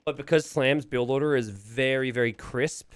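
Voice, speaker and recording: A man's voice: mid-range voice, normal speed, smooth, dry recording. A young man from Pennsylvania casting a strategy game on a live stream, rambling casually and chatting with viewers. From Pennsylvania, USA. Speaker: game caster.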